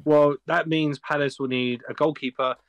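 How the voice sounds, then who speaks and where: A man's voice: on the high side, steady tone, normal speed, no room sound. Joking man in a dry room. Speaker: podcast co-host. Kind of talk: casual football chat.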